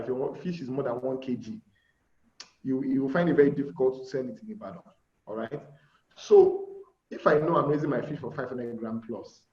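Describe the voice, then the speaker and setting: A man's voice: medium pitch, a little mellow. Nigerian man teaching on a muffled, echoey call. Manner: conversational, checks in often with "all right?", acts out buyer dialogues. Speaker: aquaculture instructor. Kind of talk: informal online class lecture. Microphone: video call.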